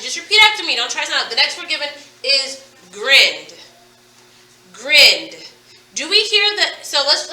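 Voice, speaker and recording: A woman's voice: high-pitched, sharp tone, far from the mic. A woman teaching a phonics lesson, patiently drilling words and asking questions. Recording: echoey room, away from the mic.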